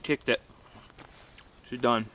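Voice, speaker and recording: A man's voice: slow pace, sharp tone. Man chatting with his mouth full. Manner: talks with his mouth full, laughs often. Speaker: channel host. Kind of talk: casual chat while eating. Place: outdoors on a frozen lake in winter.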